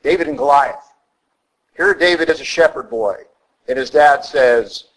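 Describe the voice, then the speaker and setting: A man's voice: medium pitch, unhurried, pauses often, fairly bright tone, poor audio. A man preaching a sermon as a priest, blunt and conversational with emphatic asides.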